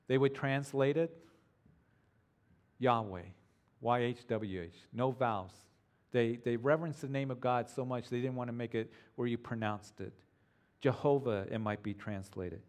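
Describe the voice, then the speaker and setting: Man preaching an earnest sermon. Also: medium pitch. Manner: earnest, emphatic preaching with slowed repeated phrases. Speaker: pastor.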